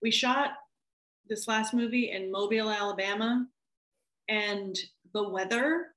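A woman film director talking casually in an interview, animated and laughing as she acts out what people said. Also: medium pitch, a little slow, echoey room, rough recording.

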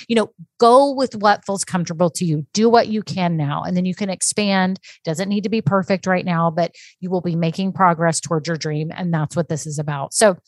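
A woman's voice: on the low side, dry recording, studio quality. A woman hosting a podcast and coaching business owners, talking in an effusive, gushing way. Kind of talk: casual interview chat.

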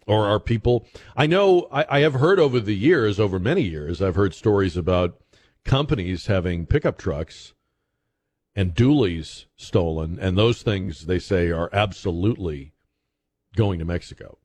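A man hosting a talk radio show, commenting in a conversational, halting way with frequent fillers and restarts. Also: low-pitched, lively intonation, a little mellow, a little hiss or hum.

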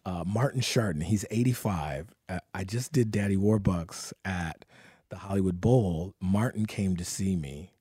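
A man in his sixties, a guest in a casual interview, telling animated, profane stories and laughing as he goes. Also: sits low, measured pace, slightly rough, dry recording, studio quality.

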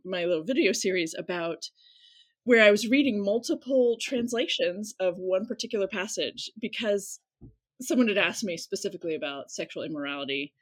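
Brief: woman, seminary background, lively pitch, laughs often, dry close recording. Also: dry recording. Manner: expressive, laughs often, animated. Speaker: seminary-trained guest. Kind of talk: panel conversation.

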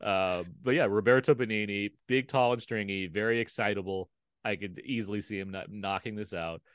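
A man co-hosting a podcast in casual chat, joking and laughing between lines with quick asides. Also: fairly low pitch, clean tone, dry recording, studio quality. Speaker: podcast co-host.

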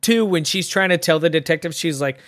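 A woman's voice: fairly low pitch, brisk, dry recording, clean studio sound. A woman co-hosting a movie podcast in casual chat, acting out scenes and swearing. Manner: animated, acts out scenes, profane. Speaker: podcast co-host.

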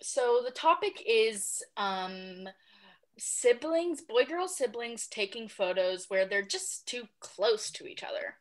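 A woman appearing as a guest on a podcast, chatting casually in an animated, playfully dramatic way. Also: a little high, slow pace.

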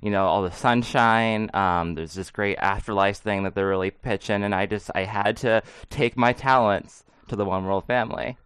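A man's voice: lowish voice, normal speed, hardly any pauses, fairly bright tone, clean tone, no echo. A man co-hosting a sports podcast, chatting casually, rambling and joking with frequent laughs. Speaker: podcast co-host.

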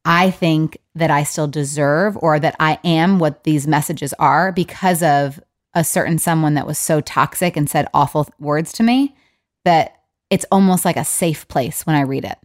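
A woman's voice: deep voice, normal speed. A woman co-hosting a podcast, telling a personal story in a candid, rambling way. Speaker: podcast co-host. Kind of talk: casual chat.

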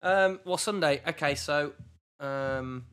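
A man's voice: a little high, slow, a bit bright, clear, resonant tone. Chatty man rambling on. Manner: rambling, chatty, self-deprecating. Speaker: podcast host. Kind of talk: casual chat. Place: hotel room.

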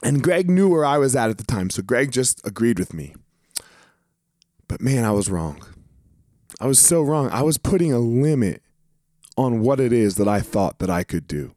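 A man's voice: medium pitch, big pitch swings, normal speed, pauses often, darkish tone, no room sound, clean studio sound. A man, a former professional fighter, talking casually and motivationally, with blunt swearing and repeated words for emphasis.

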